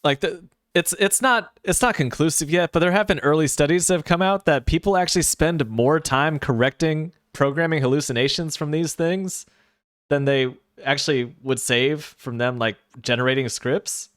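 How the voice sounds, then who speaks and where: A man's voice: a little high, moderate pace, a bit bright, no room sound, clean studio sound. A sleepy man streaming a game, chatting casually with his viewers and making rambling, sarcastic asides. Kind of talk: casual chat while gaming, answering chat.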